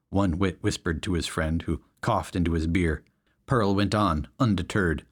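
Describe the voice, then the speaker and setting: A man's voice: deep voice, moderate pace, husky. A man narrating a western story in a wry storytelling manner. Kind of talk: audiobook narration.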